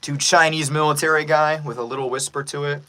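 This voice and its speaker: A man's voice: on the high side, steady tone, a little fast, a bit bright. A man who works as a voice actor, chatting casually about dubbing and asking viewers for feedback. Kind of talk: casual chat explaining dubbing.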